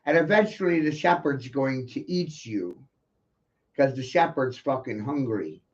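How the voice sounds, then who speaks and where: A man delivers a slow, heated monologue, swearing and firing off rhetorical questions. His voice sits at a middle pitch. The recording is dull and lo-fi. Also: expressive. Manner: intense, profane, rhetorical ranting. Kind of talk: ranting monologue.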